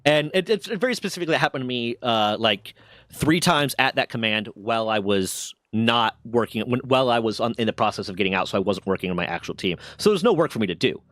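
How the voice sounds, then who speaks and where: A man's voice: mid-range voice, lively intonation, quick pace, a bit bright, no room sound. Guy rambling through a story, swears a lot, keeps restarting, dry close sound. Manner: rambling, profane, lots of restarts. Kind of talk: casual storytelling chat.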